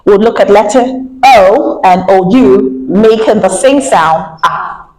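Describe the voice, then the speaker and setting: A woman's voice: medium pitch, reverberant, poor audio. A woman teaching pronunciation, leading the class to repeat words after her and asking quiz questions. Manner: leads call-and-response repetition, asks quiz questions.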